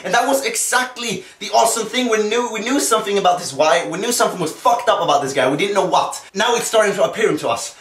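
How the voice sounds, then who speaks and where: A young man from Sweden with a Swedish accent, gushing and swearing through an excited rant about a co-op game. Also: high-pitched, fast, hardly any pauses, slight background noise. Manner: animated, swears a lot, gushing. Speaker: video game ranter. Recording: echoey room, distant from mic.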